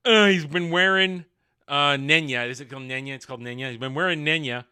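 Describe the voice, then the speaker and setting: High, bright-voiced man ranting sarcastically. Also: fairly quick, clean tone. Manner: sarcastic, mocking, repeats words when excited. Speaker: video reviewer. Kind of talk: ranting TV review commentary.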